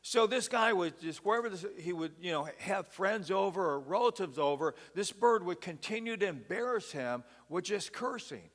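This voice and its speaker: A man's voice: high-pitched, animated, moderate pace, few pauses, a bit bright, long reverb tail. A man preaching a sermon as pastor, folksy and conversational, often dropping "man" into his sentences. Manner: folksy, peppers speech with "man". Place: church sanctuary.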